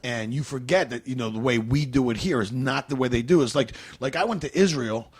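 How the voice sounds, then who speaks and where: A man's voice: mid-range voice, fairly quick, slightly rough. A male comedian guest in casual podcast chat, telling long meandering stories. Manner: rambling, meandering storyteller.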